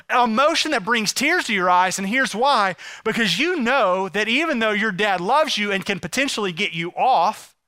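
A man preaching with a bright, high voice, recorded close and dry. He tells a story as he preaches, often dropping to a soft, hushed tone for tender moments. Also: no echo. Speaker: pastor. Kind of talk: sermon.

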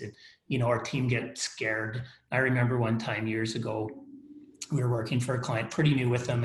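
A man speaking as a guest on a podcast, telling stories frankly and often repeating and restarting his words. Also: mid-range voice. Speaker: company leader, podcast guest. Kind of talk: casual storytelling interview. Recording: roomy echo.

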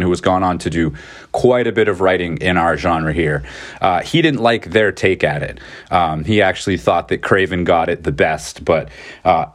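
Brief: low-voiced male podcast co-host, casual film talk, loose and rambling. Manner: rambling, many fillers and restarts.

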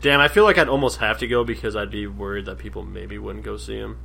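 A man's voice: lowish voice, quick pace, creaky, sharp tone. A young man co-hosting a podcast, laid-back and slangy, mostly giving short reactions. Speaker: podcast co-host. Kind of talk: casual chat.

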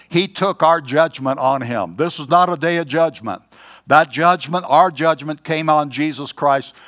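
Folksy older preacher, slow and easy. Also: male voice, mid-range voice, a bit bright. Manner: folksy, tells jokes, clears throat often. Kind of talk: sermon.

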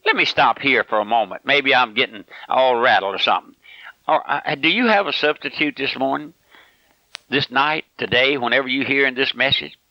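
A man's voice: mid-range voice, normal speed, dry recording. A man preaching a radio sermon, emphatic and repeating his points, often calling the listener my friend. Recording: dull lo-fi broadcast recording.

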